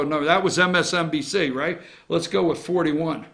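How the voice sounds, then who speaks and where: A man hosting a morning opinion show, ranting about politics and swinging between loud outraged shouts and low muttered asides. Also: steady tone, normal speed, vocal fry.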